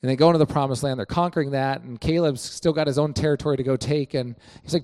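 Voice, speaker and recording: A man talks through stories he loves in a loose, conversational way, full of "you know" and restarts. He slips into quoted lines with a lifted, excited voice, then drops back down. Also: quick pace, hardly any pauses. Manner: animated storytelling, acts out quoted lines with rising pitch; many fillers like "you know". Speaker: church member sharing reflections. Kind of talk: casual faith talk.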